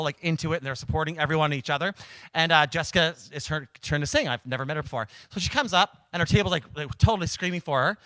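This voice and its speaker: Animated man telling stories with voices. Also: a little high, dry recording. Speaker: guest, karaoke host and cabaret producer. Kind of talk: casual storytelling chat.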